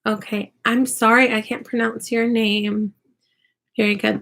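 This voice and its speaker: A woman chats on a live stream as she works on a craft project. She is chatty, apologizes often and pokes fun at herself. Her voice sits a little high and sounds bright and forceful. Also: little pitch movement, measured pace, vocal fry. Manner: chatty, apologetic, self-deprecating. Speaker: online English teacher and YouTuber.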